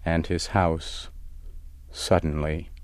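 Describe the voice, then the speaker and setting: Slow, deep-voiced male storyteller. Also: flat delivery, dry recording. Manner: slow, deliberate, plain simplified reading. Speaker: narrator. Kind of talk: scripted story narration.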